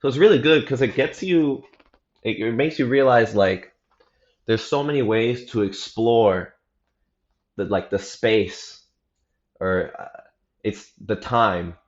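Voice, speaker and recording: A man's voice: medium pitch, slow, long pauses. A young man giving a casual, rambling report on his practice, often correcting himself and dropping slang. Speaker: practice vlogger. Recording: roomy, slightly dull home recording.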